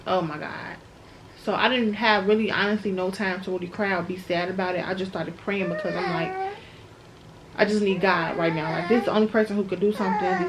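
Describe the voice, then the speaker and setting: Chatty young woman vlogging, noisy background. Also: medium pitch. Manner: chatty, addresses viewers as y'all, emotional retelling. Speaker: new mother vlogger. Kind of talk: casual storytelling to camera.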